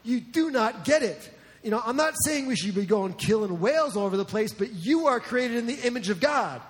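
A man's voice: high-pitched, expressive, a little fast. A man from New Jersey preaching a sermon as a pastor, in a conversational, joking way. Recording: long reverb in a large hall.

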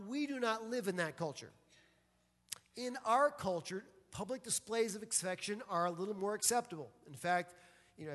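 A high-pitched male pastor delivers a chatty, humorous sermon and drops playful asides between points. His voice rings out with a long reverb tail through a large church hall. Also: a bit bright. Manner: conversational and joking, with playful asides.

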